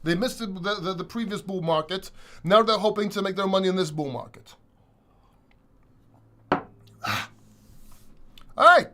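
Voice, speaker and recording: A high-pitched man rants at his livestream viewers, exasperated and swearing freely. He is a crypto host answering questions from the chat. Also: normal speed, long pauses, a bit bright, a little hiss or hum.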